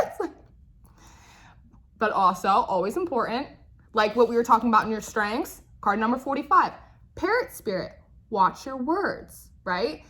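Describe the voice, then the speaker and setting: A woman's voice: fairly high pitch, expressive, unhurried, long pauses, a bit bright. A young woman giving a casual, chatty tarot reading, often checking in with "right?" and laughing. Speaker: tarot reader.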